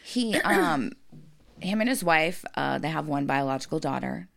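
A woman's voice: deep voice, animated, moderate pace, vocal fry. A woman co-hosting a podcast, bantering bluntly with frequent swearing. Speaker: podcast co-host. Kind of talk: casual chat.

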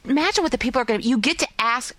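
A woman's voice: high-pitched, animated, rapid-fire, a bit bright, no echo. A woman co-hosting a fan podcast, giggly and self-mocking in casual chat. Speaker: podcast co-host.

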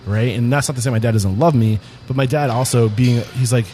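A man's voice: mid-range voice, brisk, warm tone. A man with a mid-range voice hosts a casual interview. He is earnest and probing, and he swears casually while he talks. Faint background noise runs under him. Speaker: podcast host.

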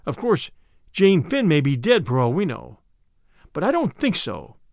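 A man reading aloud as a weary older male spymaster, measured and grave. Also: fairly high pitch, huge pitch swings, vocal fry, a little mellow, no echo, clean studio sound, heavily acted.

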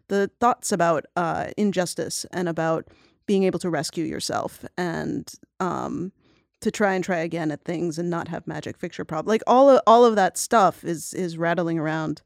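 Thoughtful young woman, low-ish voice. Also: normal speed, creaky, darkish tone, no room sound, clean studio sound. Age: young adult. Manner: thoughtful, reflective. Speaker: podcast guest. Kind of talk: casual group chat.

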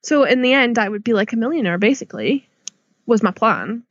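A woman's voice: a little high, big pitch swings, fairly quick, dry recording, dull audio. A Scottish woman guesting on a podcast, telling a story in a chatty, giggly way. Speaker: guest, yarn dyer. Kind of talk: casual interview chat.

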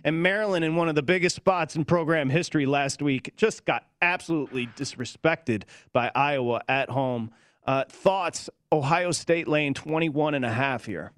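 Slightly high-voiced male co-host, dry sound. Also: fairly bright tone, dry recording. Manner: brisk, tosses lines and questions to his partner. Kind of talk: sports betting talk show chat.

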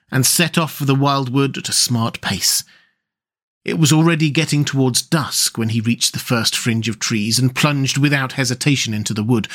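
A man reading a classic children's story aloud, measured and expressive. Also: medium pitch.

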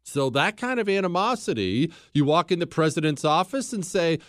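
A man's voice: fairly high pitch, lively intonation, a little fast, hardly any pauses, no echo, clean studio sound. A man hosting a history podcast, talking bluntly with sarcastic asides. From United States. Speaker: podcast host. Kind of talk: opinionated history talk.

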